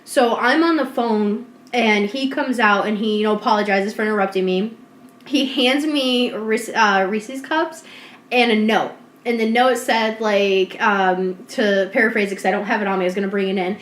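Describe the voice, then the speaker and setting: A woman co-hosting a podcast, telling a story in casual chat, animated and swearing, acting out what people said. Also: medium pitch, normal speed. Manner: animated, swearing, acts out quotes. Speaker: podcast co-host. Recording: roomy echo.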